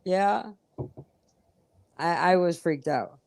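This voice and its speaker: A middle-aged woman hosting a casual live chat, telling animated stories and acting out what people said. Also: fairly low pitch, drawn-out words, gravelly. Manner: animated storyteller acting out quotes. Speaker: host of a live crochet chat.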